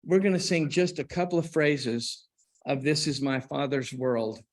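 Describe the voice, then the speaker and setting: A man preaching to a church congregation in an unhurried, conversational way, with restarts and asides to the listeners. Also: on the high side. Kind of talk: church class talk on hymns. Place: church auditorium.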